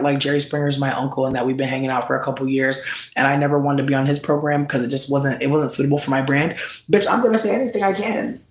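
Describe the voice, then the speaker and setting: A man hosting solo, telling a casual comedic rant in slangy, profane, animated storytelling. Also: fairly high pitch. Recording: roomy echo.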